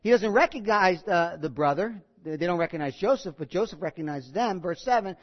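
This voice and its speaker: An animated pastor preaching an expository sermon, with a voice that swings widely in pitch. The delivery is conversational, and key lines get repeated for emphasis. The recording sounds dull and lo-fi. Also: fairly quick. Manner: animated, asks the congregation questions. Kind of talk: sermon, expository Bible teaching.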